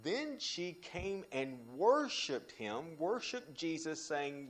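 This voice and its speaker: Animated male Bible teacher. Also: takes it slowly. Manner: animated, frequent restarts, pitch jumps when quoting scripture.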